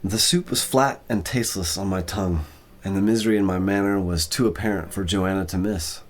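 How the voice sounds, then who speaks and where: A man's voice: low voice, brisk. An exhausted man reading a short story aloud for ASMR, stumbling over words and apologizing.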